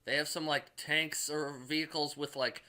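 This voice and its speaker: A man's voice: fairly high pitch, level tone, normal speed, sharp tone. A man casually recapping a movie in a rambling way, packed with filler words and swearing. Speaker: movie reviewer.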